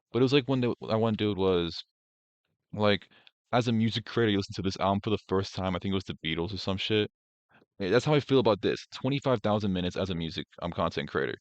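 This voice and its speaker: Deep and full of vocal fry, a young man's voice carries his casual reaction stream without any echo. Rambling and profane, he ridicules what's on screen and leans heavily on filler words, all over dry, dull lo-fi stream audio.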